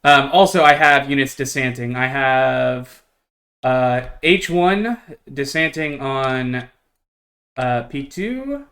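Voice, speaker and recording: A man's voice: mid-range voice, slow pace, pushed and bright. A man streaming a tabletop wargame, chatting casually and playfully with many hesitant fillers. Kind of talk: casual chat while playing a tabletop wargame.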